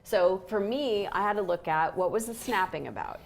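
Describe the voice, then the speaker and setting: A woman's voice: mid-range voice, moderate pace, gravelly. A woman co-hosting a relationship show, telling a story candidly and acting out quoted lines with animation.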